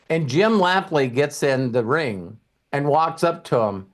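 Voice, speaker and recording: A man's voice: a little high, unhurried. Profane middle-aged man telling a story. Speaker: podcast host. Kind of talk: casual storytelling chat.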